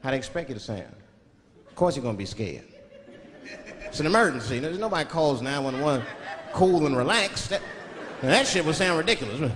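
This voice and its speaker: A man from Washington, D.C. doing a stand-up comedy routine, animated and slipping into put-on voices. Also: a little high, a little fast, long pauses, noisy background. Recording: live show in a big hall with a loud laughing crowd.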